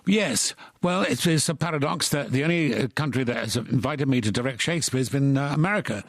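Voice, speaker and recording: A man with a Cockney accent, a guest on a radio show, telling animated stories and acting out the voices of people he quotes. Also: mid-range voice, a little fast, no room sound. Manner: animated storyteller who acts out quoted voices. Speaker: guest, actor and stage director. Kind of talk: anecdotal interview chat. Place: radio studio.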